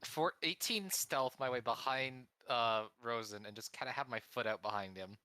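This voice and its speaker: A man's voice: medium pitch, moderate pace, bright, forceful tone, clear, resonant tone, dry recording. A man playing a tabletop game, sly and laid-back. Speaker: player.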